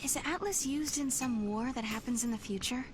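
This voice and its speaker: A woman's voice: a little high, normal speed, lightly acted. An actress playing a curious, hopeful young woman in a video game cutscene. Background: game music.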